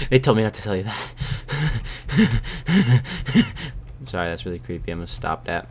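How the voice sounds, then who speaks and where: Here a young male gaming YouTuber talks very fast in a deep voice. He's close to his desk mic, rambling goofily over the game, with bursts of shouting and whispering.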